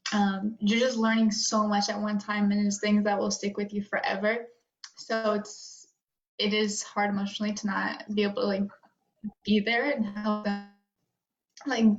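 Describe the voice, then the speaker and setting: A young woman talking in a conversation, close to tears, rambling with lots of fillers and nervous laughs. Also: fairly high pitch. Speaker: guest. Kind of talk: emotional personal conversation. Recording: roomy, dull lo-fi sound.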